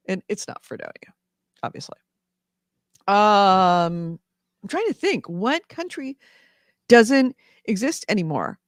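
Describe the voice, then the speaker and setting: A man's voice: sits high, sing-song, slow, pauses often, a bit bright, no room sound, studio quality. Rambling man on a gaming podcast. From California. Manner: rambling, with many fillers and restarts. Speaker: podcast co-host. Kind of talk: casual news chat.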